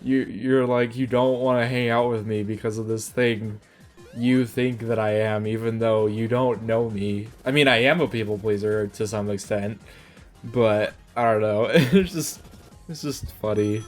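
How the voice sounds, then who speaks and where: A man's voice: lowish voice, steady tone, measured pace, darkish tone, faint music behind. A young man telling a casual personal story, rambling, laughing often and stumbling over his words. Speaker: vlogger.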